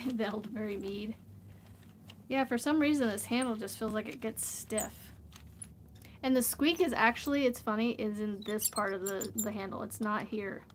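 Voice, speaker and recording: A woman's voice: mid-range voice, normal speed. Chatty woman vlogging at home, slight hiss. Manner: chatty, rambling, laughs often. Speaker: crochet vlogger. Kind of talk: casual livestream chat while crafting.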